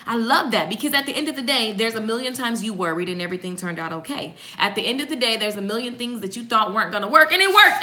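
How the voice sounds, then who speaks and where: A woman with a bright, forceful, fairly high voice gives a casual morning devotional to her viewers. She reads short passages, then breaks them down in an animated, preachy way, coaxing and encouraging as she goes. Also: fairly quick. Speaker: host giving a morning devotional.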